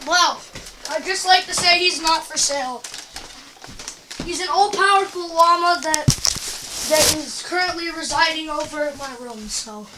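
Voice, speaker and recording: An indignant, exasperated homeowner protests at intruders, played by a young man. The voice is very high and slow-paced. A noisy home recording for an amateur short film carries it. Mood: annoyed. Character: indignant young homeowner guarding his llama.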